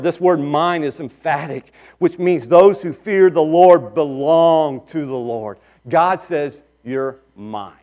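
Man preaching with rising emphasis. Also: on the high side. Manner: dynamic preaching, swinging between loud emphasis and soft asides. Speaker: pastor. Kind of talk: sermon.

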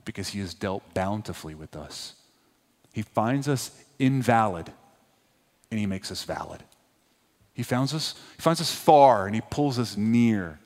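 A man preaching a sermon as a pastor, swinging between loud emphatic peaks and hushed, low passages. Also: expressive, measured pace. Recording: long hall reverb.

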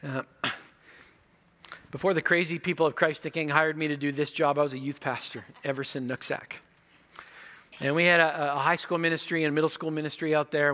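A male pastor preaching a sermon, telling stories and moving between quiet moments and loud emphasis. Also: fairly high pitch.

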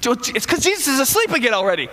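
A man's voice: high-pitched, lively intonation, moderate pace, bright, forceful tone. A man preaching a sermon in a casual, joking storytelling way, acting out the voices of the people in his story. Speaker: pastor. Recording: long hall reverb.

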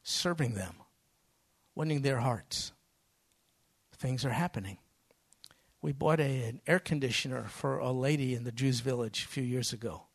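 A man's voice: medium pitch, moderate pace, long pauses, breathy edge. A man preaching a sermon from the pulpit, telling stories with folksy phrasing and sudden bursts of emphasis. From United States. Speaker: pastor.

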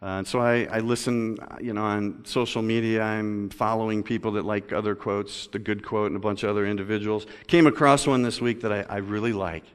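A male pastor delivering a sermon, moving between loud emphatic stretches and slow, quiet reading. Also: on the low side, steady tone, clear, resonant tone. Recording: long reverb of a large hall.

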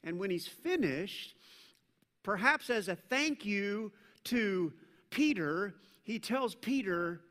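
A man preaching a sermon as pastor, animated in his storytelling, acting out scripture voices, and dropping self-deprecating asides. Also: high voice, slow pace, long reverb tail.

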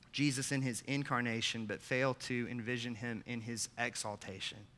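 A man, the pastor, preaching a sermon with earnest emphasis, putting direct questions to the congregation and rising to loud, emphatic peaks. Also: mid-range voice. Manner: asks the listeners direct questions.

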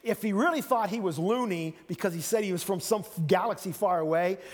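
A male preacher delivers a sermon in a conversational tone, repeating himself for emphasis and slipping into the voices he quotes. His voice sits high for a man. A long reverb rings around him, as in a large hall. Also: a little fast.

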